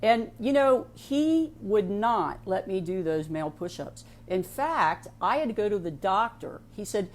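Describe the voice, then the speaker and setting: A woman's voice: mid-range voice, animated, a little slow, hardly any pauses, darkish tone. A middle-aged woman with an Ohio accent, speaking casually on a program, peppering her talk with "you know" asides and restarts. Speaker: sheriff's office veteran speaking on a program. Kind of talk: casual monologue with a personal story.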